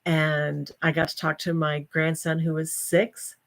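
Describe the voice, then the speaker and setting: A woman's voice: deep voice, flat delivery, unhurried, vocal fry. An older woman hosting a livestream, chatting casually with viewers and breaking into folksy exclamations. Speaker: livestream host.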